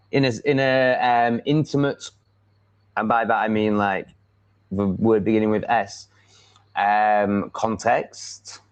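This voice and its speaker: A man with an English accent hosts a casual live stream, his voice on the low side, clear and resonant, with a steady tone. He talks slowly, pausing often, rambling bluntly and confidently with plenty of ums and likes. The stream audio is dull and lo-fi.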